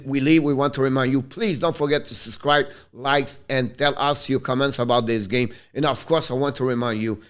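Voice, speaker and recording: A man hosting a hockey pre-game preview, passionate and quick to get worked up, speaking English with phrasing. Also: medium pitch, fairly even intonation, clean tone. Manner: passionate, gets worked up and frustrated, non-native English phrasing. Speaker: hockey show host.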